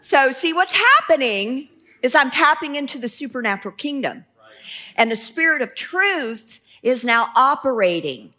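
Bright-voiced woman preaching through a story. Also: high voice. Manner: animated, laughing through the story. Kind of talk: storytelling sermon.

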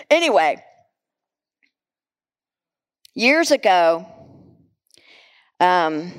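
A middle-aged woman preaching a sermon, animated and candid, mixing scripture with personal stories and laughing at herself. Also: deep voice, gravelly.

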